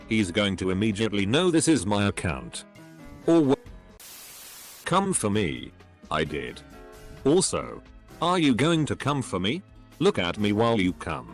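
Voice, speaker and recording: A man reading online posts aloud as narrator, spelling out abbreviations letter by letter. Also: lowish voice.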